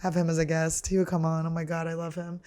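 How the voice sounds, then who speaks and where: Chatty, animated woman comedian telling stories. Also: low-pitched. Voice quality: chatty, swears freely, talks fast and a lot. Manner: animated, laughs through her stories. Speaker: comedian and podcast host. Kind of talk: casual storytelling.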